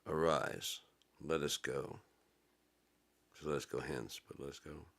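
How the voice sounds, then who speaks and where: A middle-aged man giving a casual religious monologue, reading scripture slowly and riffing on it in blunt, profane everyday talk. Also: rumbling low, creaky, fairly bright tone. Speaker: religious commentator.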